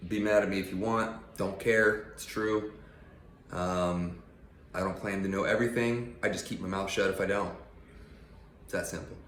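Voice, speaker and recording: A man's voice: low voice, roomy sound, slight background noise. A man giving a casual, blunt and profane motivational rant on his channel. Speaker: vlogger.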